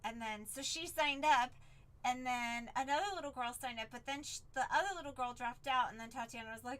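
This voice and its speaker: A woman chats away as a stream host, bubbly and quick to act out everyone's lines. Her voice sits high and bright. She sounds like she's talking to friends. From San Diego, Southern California. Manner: bubbly, chatty storyteller who acts out quotes. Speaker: livestream card break host. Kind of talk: casual live-stream chat.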